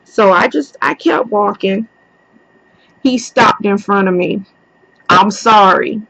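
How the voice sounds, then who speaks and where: Slow, blunt young woman telling a story. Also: mid-range voice, vocal fry, a bit bright, dry recording. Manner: blunt, swears freely. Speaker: vlogger. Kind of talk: casual personal storytelling. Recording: dull, dry lo-fi recording.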